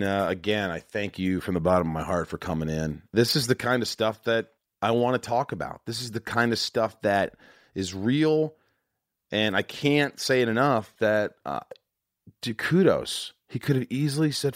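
A man's voice: on the low side, moderate pace, no room sound, studio quality. A man hosting a podcast, talking frankly and emotionally in a rambling, profane way. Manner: rambling with many restarts and fillers. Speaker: podcast host. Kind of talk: casual candid chat.

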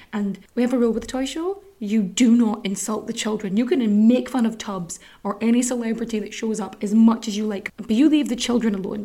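A woman's voice: mid-range voice, mellow. An Irish woman hosting a podcast, chatting candidly and swearing freely. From Ireland. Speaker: podcast host. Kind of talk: casual chat.

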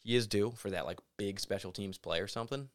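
Lowish-voiced man chatting sports opinions. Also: fast talker. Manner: animated, opinionated, mimics people in asides. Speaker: podcast co-host. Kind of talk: casual sports podcast chat.

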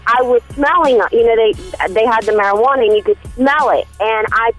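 A woman's voice: on the high side, a little fast, soft background music, poor audio. A woman in her twenties calling in and telling a story at length in an earnest, rambling way. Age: 20s. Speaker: caller. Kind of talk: phoned-in storytelling.

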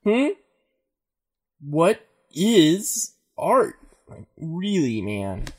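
A man voicing a spacey, laid-back male arts instructor who talks in a slow drawl. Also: on the high side, very animated, slightly rough, pitched above the performer's own voice, heavily acted.

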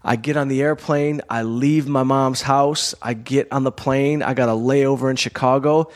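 A man's voice: medium pitch, steady tone, normal speed. A man hosting his own show, telling a personal story in a candid, conversational way, full of "you know" and "like.". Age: adult, college-educated comedian and performer. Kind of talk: casual storytelling monologue.

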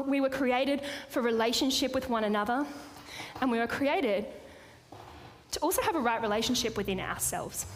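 A woman's voice: sits high, a little hiss or hum. A woman preaching a sermon to a live audience, reading scripture and making playful, chatty asides to the crowd. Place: church or hall with a live audience. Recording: long hall reverb.

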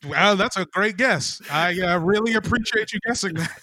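A man's voice: high-pitched, normal speed, bright, forceful tone. A man co-hosting a podcast, chatting casually and teasing his friends with profane banter. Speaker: podcast co-host. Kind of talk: casual chat.

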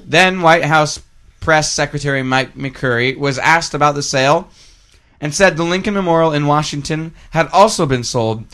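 Casual podcast co-host, male, bright and a bit high, reads items aloud with a joking edge. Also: normal speed.

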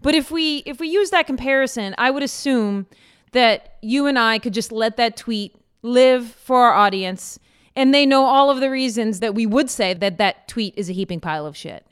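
A woman's voice: on the high side, normal speed, clear, resonant tone. A woman co-hosting a podcast, chatting and teasing her co-host in a playful, casual way.

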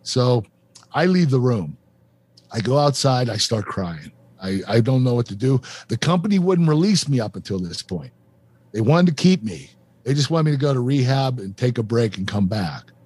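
Husky middle-aged man telling candid stories. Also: medium pitch, expressive, normal speed, darkish tone, dry recording. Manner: earnest, confessional, frequent fillers. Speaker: show host and former wrestler. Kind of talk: candid storytelling interview.

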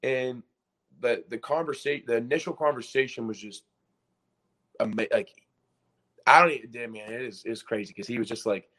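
A young man from Pennsylvania, a former college basketball player, telling a story in a casual podcast interview, excited and rambling, acting out quotes. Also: mid-range voice, moderate pace, pauses often. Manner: excited, rambling, full of restarts and acted-out quotes.

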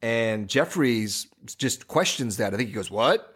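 A man's voice: medium pitch, lively intonation, measured pace, fairly bright tone, husky. Man rambling in casual chat. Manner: rambling, many restarts and fillers. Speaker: podcast co-host.

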